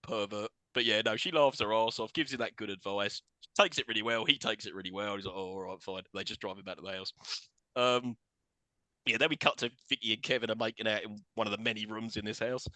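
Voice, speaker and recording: A man's voice: fairly low pitch, fast talker, sharp tone, dry recording. A British man co-hosting a podcast, animatedly retelling film scenes with frequent laughter in casual chat. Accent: British English. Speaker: podcast co-host.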